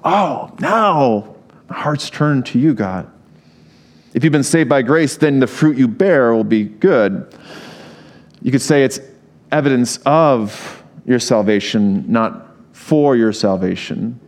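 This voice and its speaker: A man's voice: medium pitch, a little mellow. A man preaching a sermon in a conversational way, reading scripture and adding humorous asides. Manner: reads scripture aloud. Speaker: pastor.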